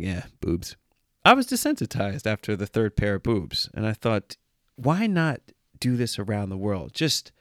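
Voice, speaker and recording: A man's voice: fairly low pitch, a bit bright, no echo, clean studio sound. A man talking casually to camera as a travel vlogger, joking and sarcastic, with a rambling, offhand way of talking. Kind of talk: casual monologue.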